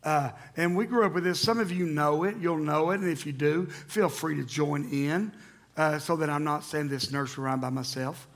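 High, gravelly preacher. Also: male voice, moderate pace. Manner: animated preaching, rising to loud emphatic calls to the congregation. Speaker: pastor. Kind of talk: sermon. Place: church sanctuary.

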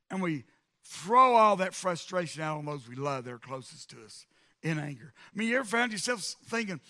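A middle-aged male pastor preaching a sermon, building to emphatic, shouted repetitions. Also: high-pitched, gravelly.

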